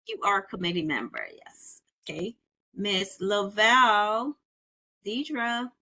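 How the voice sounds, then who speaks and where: Woman chairing a zoom-type meeting, bright voice, friendly, welcoming folks one by one. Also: mid-range voice, lively intonation, slow pace. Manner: friendly, welcoming, stumbles over names. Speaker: committee chair. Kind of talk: online meeting roll call. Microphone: video call.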